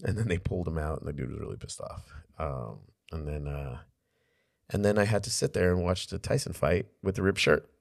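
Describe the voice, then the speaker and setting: A man's voice: low voice, a little fast, creaky, no echo, studio quality. A man co-hosting a casual podcast, telling a story in a laid-back way with lots of fillers and swearing. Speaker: podcast co-host.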